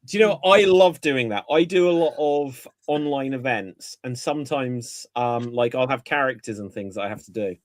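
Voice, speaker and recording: A man in casual chat on a geek podcast, telling animated stories and laughing at his own anecdotes. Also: mid-range voice, normal speed, few pauses, dry recording, studio quality. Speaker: podcast host.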